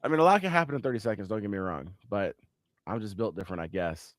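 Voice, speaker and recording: Animated, joking young man on a podcast. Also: lowish voice, fast, dry recording. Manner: animated, joking, laughs often. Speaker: podcast co-host. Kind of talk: casual chat.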